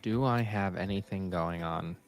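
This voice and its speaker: A man's voice: deep voice, moderate pace, soft background music. A man talking as a guest on a podcast, joking in a loose, casual way. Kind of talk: casual chat.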